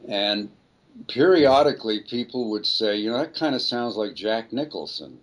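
An older man, a voice actor appearing as an interview guest, tells rambling anecdotes and often corrects himself mid-sentence. His voice is medium-pitched with lively intonation at normal speed, captured on a rough recording.

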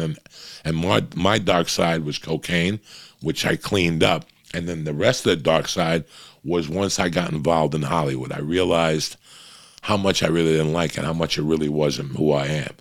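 A middle-aged man with a very low, gravelly, wheezy voice rambles through a confessional podcast monologue, swearing constantly. He sounds close and dry on a podcast mic, with no room around him. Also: dry recording. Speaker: podcast host. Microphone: podcast microphone.

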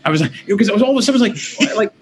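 A middle-aged man, an interview guest, telling his story in a lively, conversational way, with quick restarts and quoted voices. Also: high voice, slight background noise, rough recording. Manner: animated, quick restarts, quotes himself and others.

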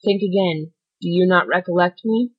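A woman reading an audiobook, voicing a calm, solemn avenging nobleman who speaks in a measured, grave way. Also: lowish voice, breathy edge. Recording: dull lo-fi recording.

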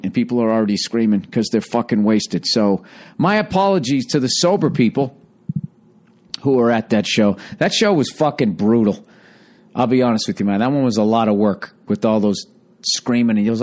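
A man hosting a solo podcast, rambling and swearing heavily as he tells a heated story in a casual rant. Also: mid-range voice. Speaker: podcast host.

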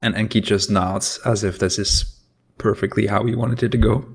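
A man with a fairly low voice at a tabletop role-playing session. He describes scenes hesitantly and fills his pauses with "um" and "like.". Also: steady tone, breathy edge. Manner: hesitant, many fillers. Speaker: player.

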